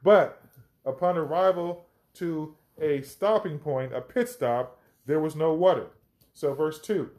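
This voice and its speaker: Slow, emphatic man teaching scripture. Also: on the high side, darkish tone. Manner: emphatic and reflective, reading scripture aloud and commenting. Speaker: podcast host and Bible teacher. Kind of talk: conversational Bible teaching.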